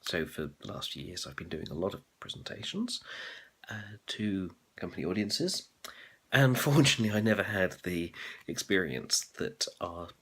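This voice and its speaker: A man with a deep, low voice and a husky, slightly rough tone. He talks in a relaxed, reflective monologue, pausing often with ums and uhs as he thinks aloud. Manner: thoughtful, with frequent ums and uhs. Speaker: MBA student vlogger.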